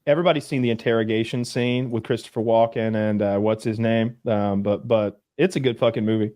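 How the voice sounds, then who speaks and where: A man's voice: lowish voice, steady tone, fairly quick, warm tone, no echo. Man, casual podcast chat, stumbling restarts, close dry mic. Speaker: podcast co-host.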